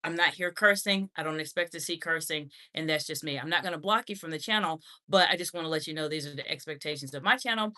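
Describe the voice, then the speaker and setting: A woman's voice: sits low, quick pace, few pauses, pushed and bright. A woman hosting a live question-and-answer stream on leadership communication, reading viewer comments and answering in a direct, encouraging way.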